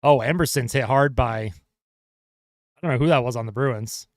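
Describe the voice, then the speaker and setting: A man calling hockey play-by-play as a fan livestreamer, excitable and chatty with his viewers. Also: medium pitch, moderate pace, no room sound, clean studio sound. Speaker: fan commentator livestreaming a game. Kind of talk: casual play-by-play commentary.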